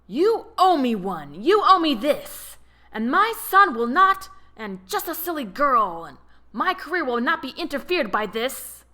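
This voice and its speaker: A woman narrator puts on a blustering, furious man in an audiobook who yells his demands. The voice is bright and swings widely in pitch. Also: expressive, unhurried, hardly any pauses. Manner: shouting, furious. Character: angry blustering father, threatening man.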